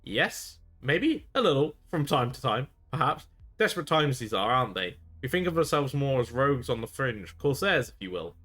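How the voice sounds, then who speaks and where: A man reading game dialogue aloud in character, voicing a shifty, boastful male space pirate marooned on a planet, with a gruff, wheedling, folksy way of talking. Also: medium pitch, very animated, normal speed, few pauses, sharp tone, soft background music, voice pushed up. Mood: sly.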